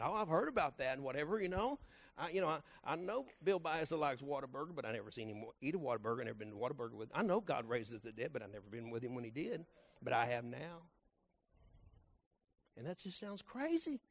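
Animated pastor preaching a story. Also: male voice, mid-range voice, fast. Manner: folksy and animated, builds to loud emphatic peaks. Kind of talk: sermon with personal storytelling.

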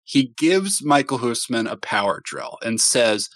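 A podcast co-host in a casual movie review chat, retelling scenes with mocking, animated delivery. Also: measured pace, no room sound. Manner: animated, mocking retelling with big pitch swings.

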